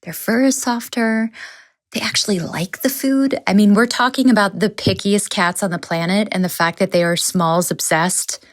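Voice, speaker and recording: A woman podcast host reading an ad in a warm, personal endorsement style. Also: medium pitch, steady tone, moderate pace. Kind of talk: host-read ad.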